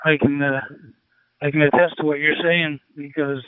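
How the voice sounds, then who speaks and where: A man's voice: fairly high pitch, flat delivery, moderate pace, smooth, no echo. A man with a Canadian accent chatting on ham radio, hesitant and full of fillers. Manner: hesitant, warm-hearted, many fillers. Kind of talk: casual radio chat. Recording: tinny radio transmission.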